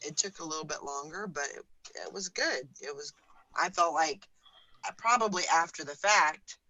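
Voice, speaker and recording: A woman's voice: sits low, pushed and bright, a little hiss or hum, low-quality recording. A woman over sixty, a grandmother, co-hosting a morning radio show in casual, sleepy chat. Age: older. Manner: sleepy, chatty, laughs easily.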